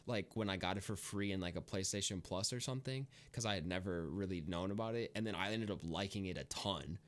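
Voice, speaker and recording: A man's voice: low voice, brisk, a bit bright. A young man co-hosting a casual podcast, rambling with lots of fillers and frequent laughter. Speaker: podcast co-host. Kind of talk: casual chat.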